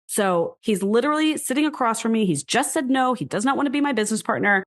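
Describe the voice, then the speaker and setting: The guest in this casual interview is a US woman who started a whisky brand, and her voice runs a little high. She talks quickly with hardly a pause, laughing often and using "like" constantly as she animatedly tells her story.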